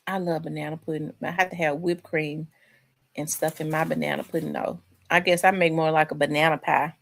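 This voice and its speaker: A woman chats casually, rambling from one thought to the next and talking straight to her viewers. Her voice sits fairly low. She sounds relaxed and at home. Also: brisk, gravelly. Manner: chatty, rambling, addresses viewers as y'all. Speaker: host. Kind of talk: casual chat with live viewers.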